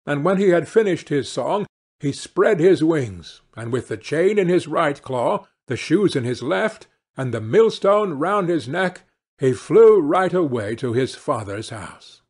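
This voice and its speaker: A man narrating a fairy-tale audiobook in a slow, deliberate reading. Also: fairly high pitch, very animated, darkish tone, slightly rough. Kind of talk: audiobook storytelling.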